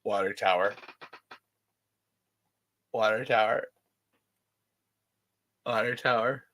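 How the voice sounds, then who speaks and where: An excited vlogger, gasping and rambling while unboxing collectibles. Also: medium pitch, takes it slowly. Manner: giddy, gasping, swearing, rambling.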